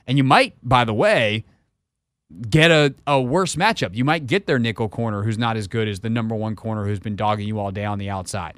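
A man's voice: mid-range voice, brisk, a bit bright, no echo. A man hosting a sports talk radio show from a studio, giving blunt opinions in a loose, conversational way. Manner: opinionated, conversational, thinks aloud with fillers.

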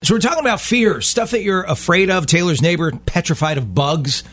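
A man co-hosting a radio talk show in casual chat, easygoing and quick to chuckle. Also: high-pitched, a bit bright. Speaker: co-host.

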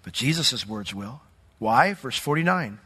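A man's voice: medium pitch, expressive, unhurried, sharp tone, slightly rough, big-room sound. A male pastor preaching a sermon in a conversational way, reading from the Bible and asking the congregation questions.

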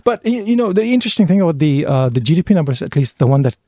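A man's voice: on the high side, very animated, rapid-fire, dark tone, dry recording, studio quality. A man co-hosting a casual finance podcast, hesitant and rambling with plenty of fillers. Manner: hesitant, many fillers and restarts, laughs easily. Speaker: co-host and analyst.

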